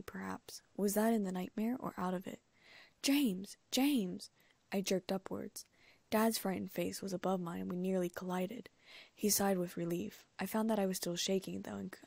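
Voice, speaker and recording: A woman narrating a first-person story as an audiobook reader, in an even storytelling manner with hushed asides. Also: mid-range voice, vocal fry, no echo. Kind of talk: first-person fan fiction reading.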